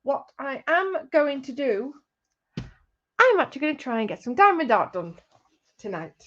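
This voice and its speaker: Woman, crafting stream host, teasing and chatty, slightly high voice, dull lo-fi audio. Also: big pitch swings, moderate pace, fairly bright tone. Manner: teasing, chatty, breaks into laughter. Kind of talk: casual livestream chat, reading out chat comments.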